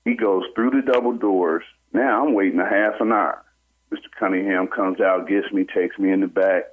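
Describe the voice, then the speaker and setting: A man calling in to a radio show, telling a personal story in an animated way and acting out what other people said. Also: low-pitched, moderate pace, husky. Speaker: caller. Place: on a phone call into a radio show. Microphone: telephone. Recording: tinny phone line.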